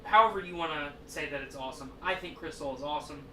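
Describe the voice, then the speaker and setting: A man's voice: fairly high pitch, fast talker, pushed and bright, a little hiss or hum. A man hosting a podcast in casual chat, a rambling storyteller who swears a lot. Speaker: podcast host. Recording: echoey room, distant mic.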